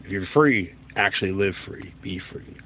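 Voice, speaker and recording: A man's voice: low voice, animated, normal speed. A middle-aged man hosting his own channel, ranting bluntly and profanely in a casual monologue. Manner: blunt, profane, opinionated rant. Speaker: solo commentary host. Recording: tinny phone-like recording.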